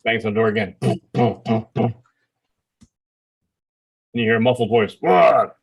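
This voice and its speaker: A man narrating as dungeon master in a tabletop game, with halting, filler-heavy delivery. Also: lowish voice, little pitch movement, slightly rough.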